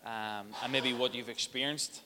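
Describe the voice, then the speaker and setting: A man's voice: mid-range voice, steady tone, moderate pace. A man hosting an interview, asking casual, rambling questions. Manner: casual, loose, filler-heavy questions. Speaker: host. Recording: echoey room with faint hiss.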